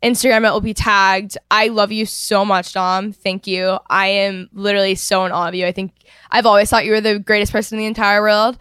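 A woman's voice: mid-range voice, level tone, brisk, fairly bright tone, clean tone, dry recording, clean studio sound. A young woman hosting a podcast in casual chat, effusive and gushing, full of "like" fillers. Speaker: podcast host.

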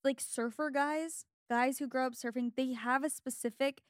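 Young Valley Girl woman with vocal fry. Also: high voice, moderate pace, no echo, studio quality. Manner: chatty, animated, lots of fillers. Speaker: podcast co-host. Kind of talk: casual chat.

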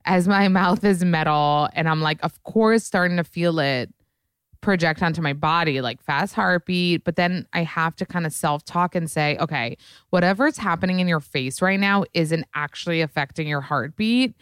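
A woman hosts a solo podcast, talking in a frank, rambling way, peppered with profanity and "like". Her voice sits low and comes across smooth and clear. The recording is dry and close, with no room echo. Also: moderate pace. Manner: candid, profane, chatty with fillers. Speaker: podcast host. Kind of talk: casual solo podcast chat.

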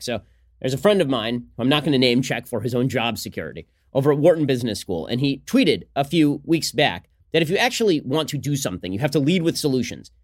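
A man hosting a political podcast, talking fast in a combative, sarcastic solo commentary. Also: medium pitch.

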